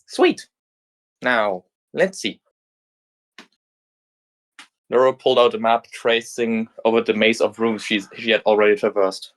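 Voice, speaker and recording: A man's voice: lowish voice, little pitch movement, a little fast, hardly any pauses. A man reading a fan story aloud in a casual narration, with small slips and restarts. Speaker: fanfic reader.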